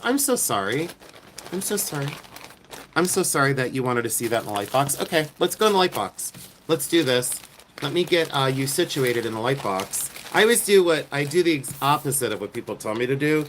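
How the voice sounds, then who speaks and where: Speaking quickly and expressively in a slightly high, somewhat bright voice, a middle-aged American man hosts a relaxed nighttime livestream outdoors. He sells jewelry and jokes self-deprecatingly with his viewers amid slight background noise.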